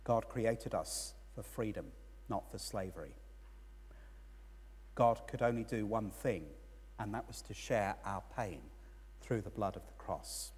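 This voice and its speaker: A man's voice: fairly low pitch, unhurried, pauses often, darkish tone, slightly rough. A man giving a sermon as a priest, telling a story with rising and falling emphasis. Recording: long church reverb.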